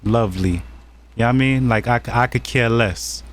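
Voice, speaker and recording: A man talks through a video he is reacting to. He is heated and preachy, and he repeats himself as he builds his point. His pitch sits in the middle range. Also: little pitch movement, normal speed. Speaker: commentary vlogger. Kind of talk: angry reaction commentary.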